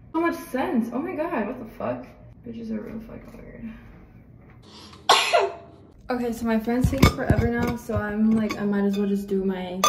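A woman's voice: medium pitch, distant mic, very noisy. Chatty young woman in an echoey room. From El Paso, Texas. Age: 20s. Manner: chatty, animated, swears freely. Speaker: vlogger. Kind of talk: casual get-ready-with-me storytelling.

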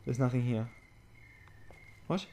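A gaming YouTuber with a slow, mellow, mid-range voice plays a zombie game on camera, recorded on a desktop USB microphone at home with a little hiss or hum. His let's-play commentary is frightened, jittery and jokey, full of swearing and yelps at the scares.

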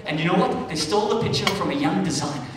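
A South African man doing stand-up comedy, loud and swearing, with shouted punchlines. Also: fairly high pitch, lively intonation, fast talker, background noise. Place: comedy club stage with a laughing crowd. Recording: echoey club room taped from a distance.

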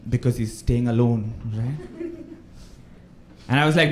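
A man's voice: medium pitch, unhurried, long pauses. A young man from India doing a live stand-up set, who laughs through his jokes and acts out his phone calls. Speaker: stand-up comedian. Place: comedy club stage with a live audience. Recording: echoey club room, loud crowd laughter.

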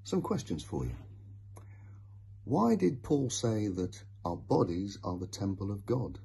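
Man, storyteller, children's devotional reading, slow, expressive, husky, dark tone. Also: fairly low pitch.

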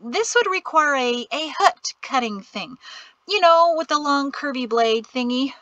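A woman voicing a cheerful, flustered middle-aged mother who rambles in a bright, high voice. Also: sing-song, unhurried, no echo, muffled recording, heavily acted.

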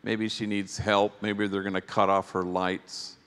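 A priest giving a reflective storytelling talk to a conference audience, unhurried, with long pauses between phrases. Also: male voice, lowish voice, flat delivery, a bit bright. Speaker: priest and speaker. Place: large conference hall. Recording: long reverb of a big hall.

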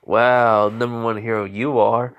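A man's voice: mid-range voice, flat delivery, measured pace, smooth, lo-fi sound, lightly acted. A man putting on a psychotic teenage killer who taunts his victims with cold mockery. The voice sits near a plain young male register. It sneers and menaces rather than roars. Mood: disgusted.

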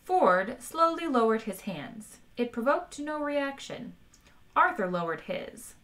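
Bright-toned woman streamer reading a novel aloud. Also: a little high, sing-song, slow pace. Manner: wry, chats with viewers between passages. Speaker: audiobook reader streaming live. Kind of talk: live-streamed book reading.

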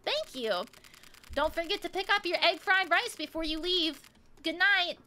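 A woman's voice: very high voice, expressive, a little slow, bright, forceful tone, slight background noise, pitched above the performer's own voice, exaggerated voice. Woman voicing a polite restaurant clerk. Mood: apologetic. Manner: polite, apologetic. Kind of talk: voicing game dialogue.

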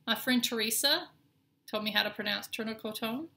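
A woman's voice: a little high, a little fast, pushed and bright. A middle-aged woman with a Southern accent, chatting casually and rambling a little as she shows her cross-stitch projects. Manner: chatty, rambling, with many ums and restarts. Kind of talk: casual show-and-tell.

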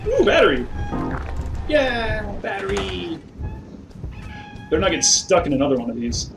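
A somewhat high-voiced man commentates his horror game playthrough, his voice leaping around as he mutters, hums and yelps when scared. He sits a little away from the mic, and clear game music plays under his talk. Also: unhurried, distant mic, low-quality recording. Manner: excitable, talks to himself, hums along, yelps when scared. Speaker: gamer playing a horror game. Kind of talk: let's play commentary.

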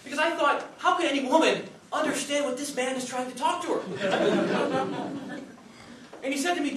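A middle-aged man delivers a humorous contest speech to an audience in a meeting hall, chatty and self-mocking as he addresses them directly. His voice is very high, fairly bright, and moderately paced. The recording is noisy, with hall echo, a distant mic, and some chatter in the background.

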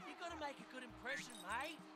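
Brief: pushy, crude demon boss, high and showy, for a cartoon. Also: male voice, quick pace, pushed and bright, full character voice. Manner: brash, crude, coaxing. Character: greedy flashy male demon showman boss. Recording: music under cartoon clip.

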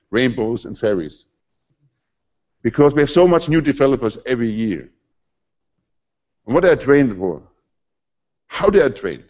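A man's voice: medium pitch, a little mellow, highs cut off. A man in his forties with a German accent giving a conversational, emphatic conference talk in a hall. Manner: conversational, emphatic, slightly non-native phrasing. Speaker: conference speaker.

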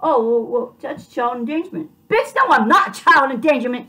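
A woman's voice: high voice, moderate pace, distant mic. A woman venting at home in an angry, swearing monologue, with furious outbursts. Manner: furious, swearing, shouting bursts. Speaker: vlogger venting.

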